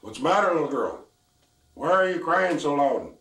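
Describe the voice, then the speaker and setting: An older man voicing a patient, unseen nature spirit that calls out to guide a lost girl, gently but insistently. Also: fairly high pitch, fast, voice pushed up, close to an everyday voice. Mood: calling. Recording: echoey room, distant mic.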